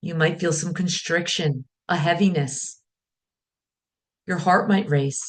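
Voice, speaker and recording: A woman speaking as a wellness teacher, guiding listeners calmly in short, measured phrases. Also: lowish voice. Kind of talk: guided teaching talk.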